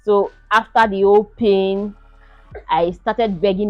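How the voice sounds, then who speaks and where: A young woman telling her own story to the camera in an animated, casual way, laughing often and acting out the shouts and pleas. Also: mid-range voice, slow, lo-fi sound, faint music behind. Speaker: vlogger sharing her birth story.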